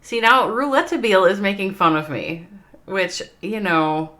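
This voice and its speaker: A woman's voice: mid-range voice, expressive, moderate pace, sharp tone. A woman with a Minnesota accent casting an esports game on a livestream, chatting with her viewers and laughing often. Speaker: esports caster. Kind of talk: livestream game commentary and chat.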